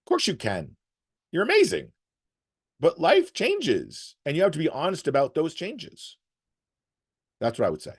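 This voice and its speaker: A man's voice: fairly high pitch, moderate pace, pauses often, breathy edge. A man giving advice to emergency workers, telling stories and acting out the people in them. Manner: animated, acts out quotes in story. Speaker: guest speaker on resilience. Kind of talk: storytelling advice talk.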